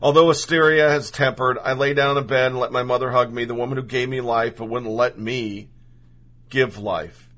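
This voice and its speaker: A man's voice: medium pitch, fairly even intonation, normal speed, fairly bright tone. A man reading a personal story aloud in the first person, earnest and emotional.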